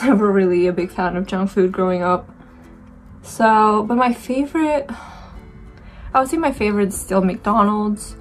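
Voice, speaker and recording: A woman's voice: medium pitch, poor audio. A woman in a casual beauty vlog, chatting easily with frequent fillers. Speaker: beauty vlogger. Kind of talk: casual chat.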